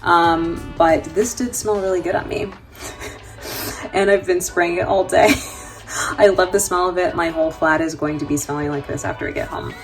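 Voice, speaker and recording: American woman vlogging her trip, low voice, jokey and chatty, lots of ums, faint music behind. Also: steady tone, moderate pace. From New York. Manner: chatty and joking, laughs often, many fillers. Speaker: travel vlogger. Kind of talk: casual vlog chat.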